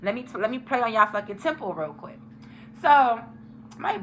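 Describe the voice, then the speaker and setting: A young woman telling a story to her viewers, animated and profane, talking straight to the camera in a casual storytime. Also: fairly high pitch, normal speed, a little hiss or hum.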